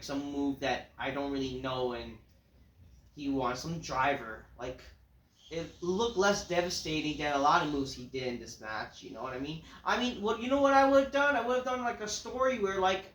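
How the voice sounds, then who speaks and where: A woman reviewing a wrestling show in a casual, profane rant full of fillers. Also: deep voice. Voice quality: casual, filler-heavy talk with lots of swearing. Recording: roomy echo.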